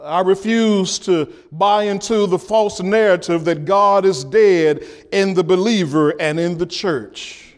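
A man preaching a sermon to his congregation, repeating key lines, asking the room questions and rising at times to a shout. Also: sits high, slow, few pauses. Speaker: pastor.

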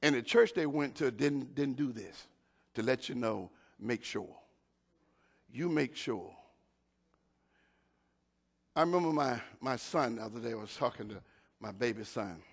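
A man preaching a sermon, calling out to his congregation, repeating himself and building up to shouts. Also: mid-range voice, expressive, measured pace, gravelly, long pauses, slightly rough. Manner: call-and-response, rising to shouts; repeats words and restarts often.

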